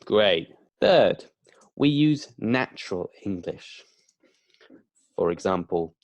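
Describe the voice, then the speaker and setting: A man teaching beginner English, drilling words slowly with emphatic repetition. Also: fairly low pitch, lively intonation, dry recording, lo-fi sound.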